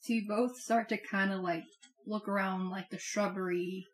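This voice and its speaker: A woman's voice: medium pitch, steady tone, normal speed. A woman running a tabletop game as game master, talking hesitantly with many fillers. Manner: hesitant, lots of "like" and "um".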